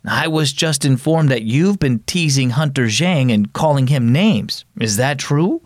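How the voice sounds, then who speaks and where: A man voicing a mother who gently scolds her son in a children's story reading. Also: mid-range voice, animated, unhurried, no echo, studio quality, voice pushed up, lightly acted. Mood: concerned. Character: firm but loving mother.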